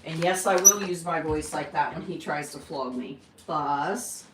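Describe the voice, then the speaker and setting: A woman's voice: sits low, unhurried, very noisy. A woman hosting a casual live stream, chatting with viewers and coaxing her pet bird in a fond, playful way. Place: at home. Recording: roomy, distant mic, faint running water.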